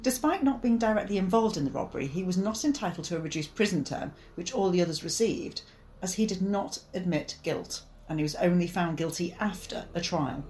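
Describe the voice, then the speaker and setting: A woman's voice: lowish voice, animated, darkish tone, a little hiss or hum. Female co-host, chatty and teasing, reading true-crime facts. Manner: chatty, quick to tease. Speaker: podcast co-host. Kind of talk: casual true-crime chat.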